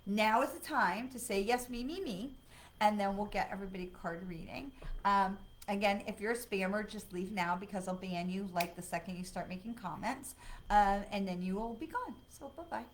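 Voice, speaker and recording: A woman hosting a live card-reading stream, chatty and excitable, with lots of fillers, talking from home. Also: medium pitch, brisk, slight background noise, poor audio. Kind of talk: casual livestream talk. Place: home, dog nearby.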